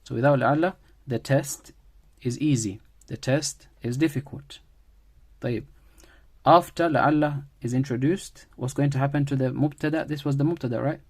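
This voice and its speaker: A man delivers a grammar lesson at a moderate pace and middle pitch, patient in the manner of a classroom teacher. Each point rests on everyday examples, with key phrases repeated along the way.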